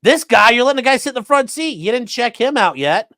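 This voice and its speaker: A man's voice: very high-pitched, animated, fast talker, background noise. A man hosting a live stream, giving casual, sarcastic and profane commentary that rambles along. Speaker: streamer host.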